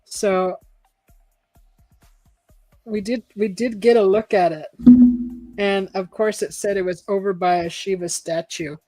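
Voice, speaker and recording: A woman's voice: mid-range voice, measured pace, long pauses, dry recording, faint music behind. Chatty woman reading aloud. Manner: chatty, laughs often, animated exclamations. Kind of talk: casual live-stream book reading.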